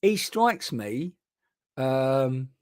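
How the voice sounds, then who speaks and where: A man's voice: mid-range voice, big pitch swings, very slow, a little mellow, no echo. Male medium, rambling and chatty, mid-range voice, dry close mic. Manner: rambling, chatty, many restarts. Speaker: spiritual medium. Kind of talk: live online mediumship session. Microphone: boom mic.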